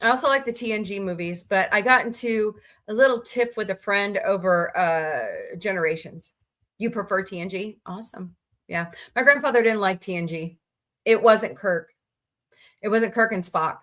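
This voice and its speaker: Woman livestream host, casual, rambling, quick to laugh, home desk mic. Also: a bit bright. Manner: chatty, rambling, reads chat aloud and greets viewers; laughs easily, voices reactions with sudden high squeals.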